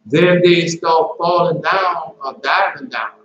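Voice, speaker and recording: A man recounting his dreams in a casual, rambling way, halting often and repeating and correcting himself as he goes. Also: on the high side. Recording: roomy, dull lo-fi with faint hum.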